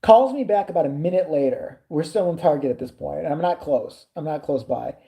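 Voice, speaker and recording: Low, dark-voiced woman telling a profane story. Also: animated, brisk, vocal fry, roomy sound. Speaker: vlogger. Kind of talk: storytime anecdote.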